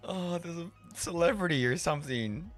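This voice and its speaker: A man streaming a game live, rambling excitedly, laughing and swearing as he reacts to chat. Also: on the high side, moderate pace, faint music behind.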